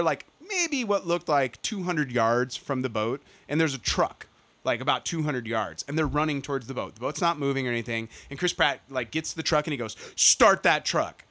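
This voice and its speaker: A man in casual chat, retelling a film with animated, profane mockery and laughter. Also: medium pitch, fairly quick.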